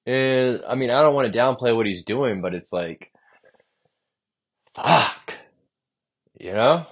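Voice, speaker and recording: A young man hosts a solo podcast, delivering a stream-of-consciousness monologue as he vents about his jobs in a rambling, profane, frustrated way. His mid-range voice has a breathy edge, and he takes it slowly.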